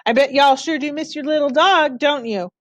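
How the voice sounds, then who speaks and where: A woman reading aloud and voicing a friendly, easygoing drifter man with folksy country speech, fairly high and close. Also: normal speed, no echo, natural voice. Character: friendly drifter man sleeping rough outdoors. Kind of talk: storybook read-aloud.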